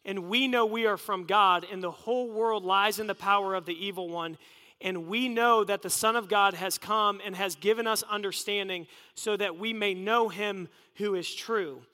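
A man's voice: high voice, sharp tone, big-room sound. A man preaching a sermon in an earnest, conversational way. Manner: earnest, conversational preaching with acted inner voices.

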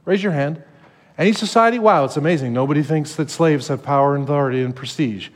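An animated man preaching a sermon, his voice pitched a touch high. He acts out the voices he quotes with energy. The sound rings with a long hall reverb. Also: fast talker. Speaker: pastor.

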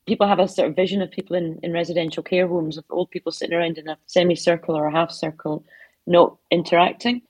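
A middle-aged woman, guesting as an author from her home office, tells heartfelt stories with soft asides in conversational interview answers. She speaks quickly in a fairly low, flat voice with a breathy edge, and there is no room sound.

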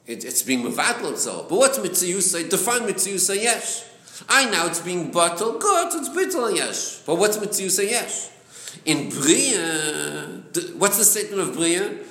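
A man's voice: high voice, expressive, a bit bright. A man teaching a class, reading a text aloud and questioning his students about its meaning. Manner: questioning, quick, mixes Hebrew text reading with explanation. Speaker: teacher leading a text study. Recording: echoey room with background noise.

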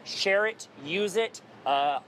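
A man's voice: high voice, slow pace, a bit bright, a little hiss or hum. A man hosting his own podcast, talking casually in a jokey, rambling way and restarting often to poke fun at himself. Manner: jokey, upbeat. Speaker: podcast host. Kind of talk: casual solo podcast monologue.

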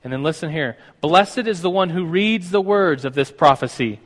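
A man preaching a sermon as pastor, moving from a quiet opening prayer into animated storytelling. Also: a little high, moderate pace. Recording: long hall reverb.

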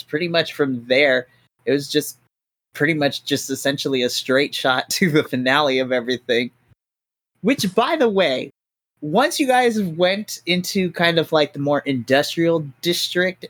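A man's voice: on the high side, a bit bright, no echo. Chatty game-master host, man. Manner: chatty, explains with lots of fillers. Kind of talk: casual podcast chat.

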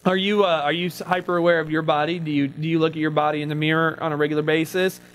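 A man's voice: fairly high pitch, level tone, fast talker, fairly bright tone, a little hiss or hum, rough recording. A man hosting a casual comedy podcast, joking and laughing often as he talks. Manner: giggly, jokey, laughs a lot. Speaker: podcast host.

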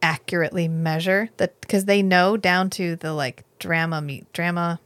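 A woman co-hosting a podcast, recapping a miniseries in animated casual chat, swearing freely and acting out the characters' lines. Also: lowish voice, moderate pace, no echo. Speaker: podcast co-host.

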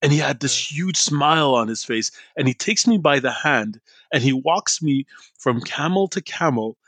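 This podcast co-host, raised abroad in an Iraqi family, speaks at a normal speed in a mid-range male voice with no room sound. Chatting casually, he recounts a story with lots of energy and performs the voices of its characters.

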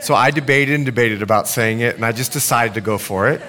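A man preaching a sermon, animated, with jokes and asides to the congregation. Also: mid-range voice, fast, noisy background. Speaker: pastor.

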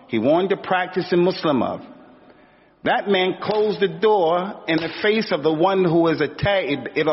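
A man delivering a sermon in a loose, street-casual tone, his voice reaching up high whenever he acts out what people said. His voice sits a bit high for a man. The audio is dull and lo-fi, with a long reverb trailing off the walls. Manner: casual colloquial storytelling, voice climbs when acting out quotes. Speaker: Islamic preacher.

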